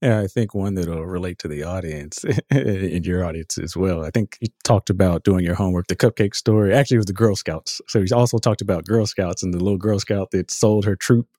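A man's voice: deep voice, fairly quick, warm tone, no echo, clean studio sound. A man talking casually on a podcast about a book, rambling and correcting himself as he goes. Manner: rambling, self-correcting, laughs often. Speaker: podcast guest, author.

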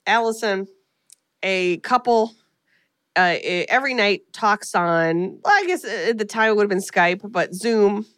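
A woman's voice: medium pitch, animated, measured pace, fairly bright tone, smooth, no echo, clean studio sound. A woman co-hosting a podcast, recapping a film in a rambling, casual way with lots of fillers. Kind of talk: casual chat.

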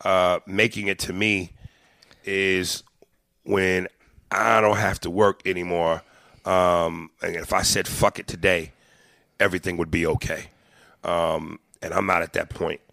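A man, a comedian, talking in a casual podcast chat, profane and animated, often acting out little voices. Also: sits low, unhurried, gravelly, no echo, studio quality. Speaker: comedian guest.

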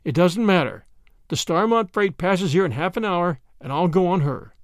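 A man's voice: high voice, moderate pace, dry recording, studio quality. Man doing a courteous, mysterious stranger. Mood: calm. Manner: calm, courteous.

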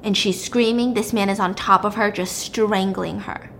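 A woman's voice: mid-range voice, fairly even intonation, moderate pace, gravelly, fairly bright tone, a little hiss or hum. A woman recapping a story in a casual, chatty, blunt way, using "like" often.

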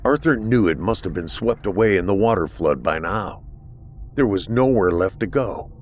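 A man narrating a horror story with steady, dramatic delivery. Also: low-pitched, moderate pace, slight background noise.

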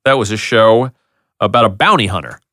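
A man hosting a podcast, chatting casually and reading out TV show titles, names and dates in a quick, animated way. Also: fairly low pitch, no echo. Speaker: podcast host. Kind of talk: casual chat, reading out TV listings.

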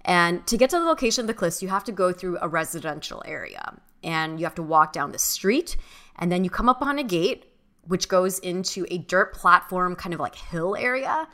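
A young woman with a bright, forward voice that sits slightly low for a woman. She tells a personal story in loose, animated conversation, full of "like" and "um" as she goes. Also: normal speed. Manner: animated storyteller, many fillers. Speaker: podcast co-host. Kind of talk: casual storytelling chat.

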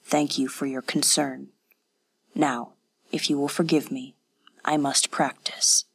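A woman voicing a serious young male swordsman who speaks tersely and with restraint, in a hushed low tone. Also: little pitch movement, slow, creaky, slightly rough, exaggerated voice. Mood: restrained. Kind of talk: audiobook character voice.

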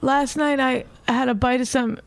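A woman's voice: high voice, steady tone, brisk, gravelly, dry recording. A middle-aged woman co-hosting a podcast, bickering and teasing her partner, retelling things with exaggeration. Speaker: podcast co-host. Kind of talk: casual bickering chat.

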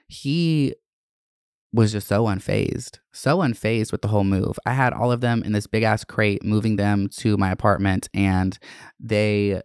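A woman's voice: extremely low pitch, a little mellow, no room sound, clean studio sound. A woman in her twenties hosting a podcast, chatting casually in a candid, emotionally open way and swearing freely. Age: 20s. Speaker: podcast host. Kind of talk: casual chat.

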